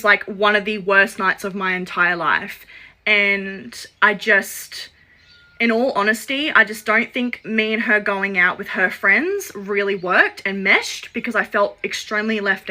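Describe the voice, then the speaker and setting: A chatty woman recounting a personal story in a casual storytime. Her voice is bright and forceful. She acts out the lines of the people in the story and leans on "like" as a filler. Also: medium pitch. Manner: chatty, acts out quoted dialogue; frequent "like" fillers.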